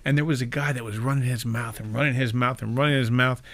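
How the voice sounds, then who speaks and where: A man who works as a defense attorney, speaking in a relaxed, measured way and explaining legal points during a casual chat. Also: medium pitch. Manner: measured storyteller, explains the law.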